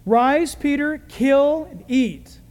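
Brief: male preacher voicing a commanding divine voice, lively pitch, big hall echo. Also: slow pace, heavily acted. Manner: emphatic, commanding.

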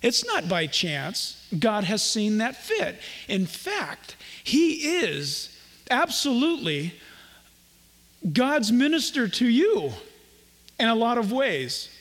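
High-voiced folksy preacher man. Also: very animated, slow pace, fairly bright tone, long reverb tail. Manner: folksy, jokey asides, acts out little dialogues. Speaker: pastor. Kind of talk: sermon.

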